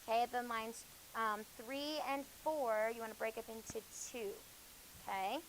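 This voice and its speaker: Higher-voiced woman teaching a class. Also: fairly even intonation, unhurried, slight background noise, rough recording. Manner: explains with many fillers and self-corrections, hushes students. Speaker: high school English teacher. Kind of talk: classroom lecture.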